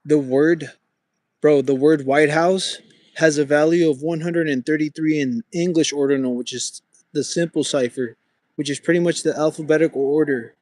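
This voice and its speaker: A man's voice: on the high side, fairly even intonation, moderate pace, darkish tone, no echo, studio quality. Young man on a casual walking livestream. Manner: talks to chat viewers, says bro often; walking with a gimbal. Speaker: livestream host.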